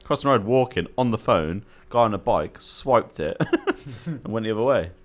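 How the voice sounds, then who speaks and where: A man's voice: fairly low pitch, expressive, normal speed. A man co-hosting a casual podcast, dropping dry short quips and telling his own story. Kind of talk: casual chat.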